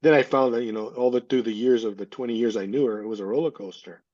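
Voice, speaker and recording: A middle-aged man, a guest in an interview, shares a personal story candidly and earnestly, frequently halting to restart and repeat himself. His voice is mid-range and darkish, and he talks at a quick pace. The audio is lo-fi and slightly dull.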